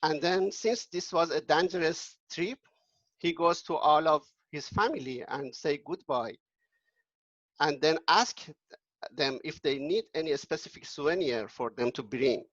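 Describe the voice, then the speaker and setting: A man tells an old folk tale casually to a group. His slightly high voice halts and restarts often. The sound is dry and a little dull. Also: a bit bright, no room sound. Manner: halting, with many restarts and fillers. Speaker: storyteller. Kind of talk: casual storytelling.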